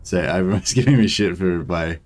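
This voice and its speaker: A man's voice: low-pitched, brisk, a little mellow. A young Australian man streaming a strategy game, thinking aloud in a rambling, filler-heavy way while answering chat. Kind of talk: casual gameplay commentary, answering chat.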